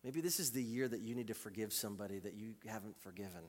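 A man preaching a sermon as a pastor, swinging from loud, urgent calls to quiet, intimate passages and repeating phrases for emphasis. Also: lowish voice, fast talker. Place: church sanctuary. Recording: live church recording with long hall reverb.

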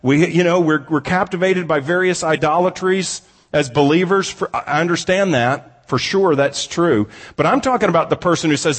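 A man preaching a sermon as pastor, earnest, slowing down for emphasis and then speeding up to argue. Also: a little high, slightly rough. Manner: earnest preaching, pace swinging from slow emphatic to rapid. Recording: reverberant hall.

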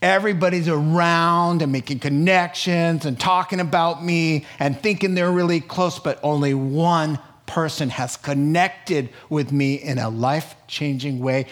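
A male pastor preaching a sermon, lively, with small chuckles as he acts out quoted voices. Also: fairly high pitch, measured pace, few pauses.

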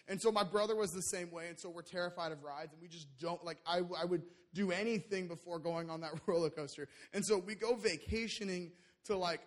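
A young man with a high voice preaches a sermon. He tells a personal story in an animated way, full of fillers and restarts, then turns it into a lesson on faith.

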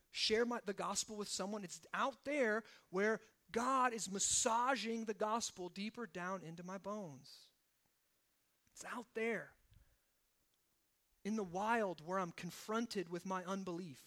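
High-voiced man preaching with swinging intensity. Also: moderate pace. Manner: swings from hushed, low emphasis to loud, rising exhortation; asks the congregation rhetorical questions, often adding "right?". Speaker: pastor. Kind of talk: sermon.

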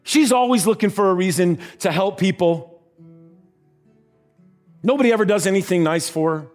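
A woman's voice: mid-range voice, moderate pace, a little mellow, faint music behind, voice pushed up, close to an everyday voice. A man voicing a cook's wife who speaks eagerly and stumbles over her words. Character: cook's wife, warm and enthusiastic.

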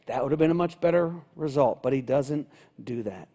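A man's voice: medium pitch, lively intonation, brisk, dark tone. A man preaching a sermon in a conversational way, acting out lines of the story as he goes. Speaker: pastor.

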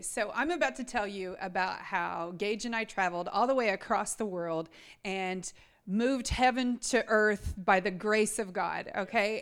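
A woman in her thirties with a medium-pitched voice shares a mission trip testimony with a church congregation. She is earnest and animated, addressing the listeners directly.

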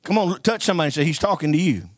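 With a fairly high, expressive voice, a man preaches a sermon at a very fast pace, telling folksy stories and calling out for amens in call-and-response style. There's no room sound at all.

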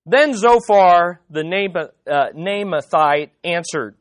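A man preaching an expository sermon in a conversational, animated way, with vivid sound effects. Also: high-pitched, slow, few pauses, dry recording. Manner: conversational, with frequent fillers. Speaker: pastor.

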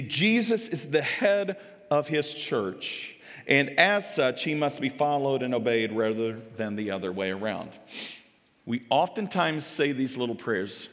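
A male pastor preaching a sermon, animated and dramatic, swinging from loud exclamations to hushed asides. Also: medium pitch, measured pace. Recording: echoey hall with long reverb.

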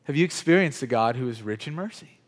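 A man's voice: medium pitch, expressive, fast, in a large hall. A man preaching a sermon in a church, talking conversationally, putting questions to his congregation, with many restarts and fillers. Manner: frequent "like" and repeated false starts. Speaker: pastor. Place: church hall with chairs.

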